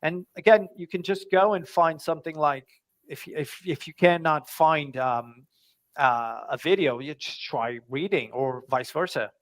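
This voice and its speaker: A man with a voice on the high side speaks at a measured pace as a guest in a casual video-call interview. He sounds hesitant, with many fillers and restarts, and the recording is dry.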